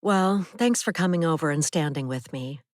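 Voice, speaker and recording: A woman's voice: low voice, animated, moderate pace, no room sound, clean studio sound. A woman doing a spirited young woman renter. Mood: friendly.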